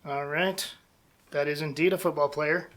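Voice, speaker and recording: A man hosting a casual podcast quiz game, reading names out slowly and joking between answers. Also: fairly high pitch, fairly even intonation, fairly bright tone.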